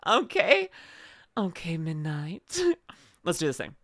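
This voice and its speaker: A woman's voice: deep voice, huge pitch swings, slow pace, fairly bright tone, dry recording, studio quality. A young adult woman streamer chatting casually and playfully, often laughing as she reads chat aloud. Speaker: VTuber streamer.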